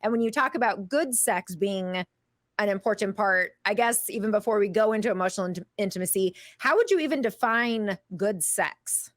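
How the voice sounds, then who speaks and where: A woman's voice: mid-range voice, normal speed, no room sound, clean studio sound. A woman hosting a podcast interview who asks thoughtful, probing questions. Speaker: podcast host, therapist. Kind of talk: interview conversation.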